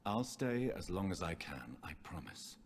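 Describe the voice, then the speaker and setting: Somber vampire son. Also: male voice, low-pitched, big pitch swings, husky, exaggerated voice. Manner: measured, quietly pained. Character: somber young vampire son, restrained and grieving. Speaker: game protagonist. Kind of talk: video game dialogue.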